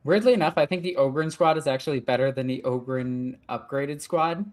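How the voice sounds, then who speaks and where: A woman's voice: extremely low pitch, fairly quick, a little mellow. A woman narrates her own strategy game as she plays. She thinks aloud in a casual, self-directed way, grumbling and swearing at her losses while she plans her moves. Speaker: gaming channel host. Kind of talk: let's play commentary.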